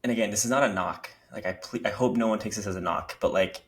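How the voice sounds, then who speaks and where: A man's voice: lowish voice, fast. A young man, a guest on a podcast, reflecting openly and searching for words in a casual conversation.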